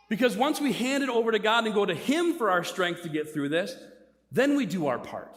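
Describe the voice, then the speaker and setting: A middle-aged male preacher with a high, bright voice, delivering a lively sermon full of stories and rhetorical questions. His voice carries through a church with a long, rolling reverb. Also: fairly quick. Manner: animated storyteller, rhetorical questions.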